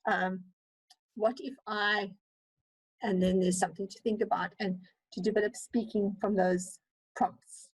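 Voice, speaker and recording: A woman lecturer with a South African accent teaching an online webinar, talking fast and animatedly with frequent fillers. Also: medium pitch, fairly even intonation, breathy edge, no echo, rough recording. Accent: South African English. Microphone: computer mic on a video call.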